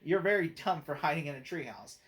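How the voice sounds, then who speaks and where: A man's voice: on the high side, lively intonation, brisk, a bit bright. Rambling man giving a casual movie review. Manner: rambling, full of "like" and "you know", often breaks into laughter. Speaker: movie critic and channel host.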